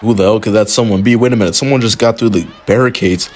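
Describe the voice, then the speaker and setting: A man giving excited, outraged play-by-play commentary over a wrestling video game, often exclaiming and swearing. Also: on the low side, fast talker, few pauses, a little hiss or hum.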